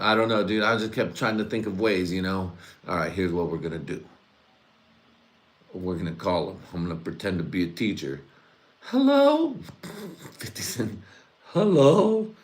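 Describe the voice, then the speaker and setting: On his own podcast, a man with a low, slightly bright voice rambles through comedy ideas by himself. Expect plenty of fillers, laughs and curse words.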